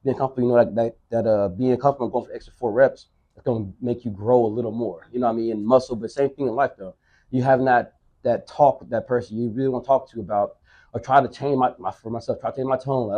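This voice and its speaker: A man in his thirties talks in a quick, rambling rush, doubling back over his words and swearing freely. His voice is husky, and the chat is loose and casual. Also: medium pitch, darkish tone, poor audio. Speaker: podcast co-host.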